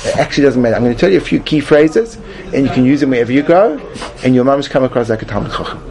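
Racing through a comedic mock lesson, a man talks in an animated, medium-pitched voice with a slightly mellow quality. His delivery rambles, with many repeats, restarts, and "like"s.

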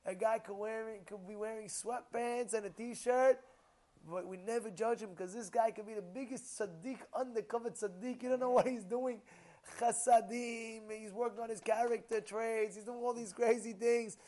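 High-voiced rabbi telling a story with big swings. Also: male voice, normal speed. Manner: animated, acts out quoted voices with shouts; drops to a low murmur between outbursts. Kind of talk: storytelling sermon.

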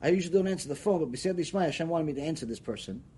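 A man's voice: a little high, expressive, very fast, warm tone, slight background noise. A man giving a Torah ethics lecture as a rabbi, emphatic and argumentative, firing off rhetorical questions.

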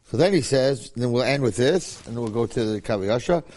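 With a medium-pitched, brisk voice, this Torah teacher gives a relaxed class in an animated style. Repetition marks his delivery, and he dramatizes the quotations he relates.

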